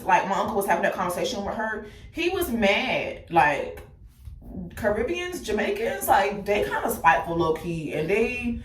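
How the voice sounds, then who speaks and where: A woman with a medium-pitched voice recounts her life story bluntly and candidly, swearing freely and speaking straight to her listeners. She swings between loud outbursts and quiet asides, and she sits back from the mic in an echoey room.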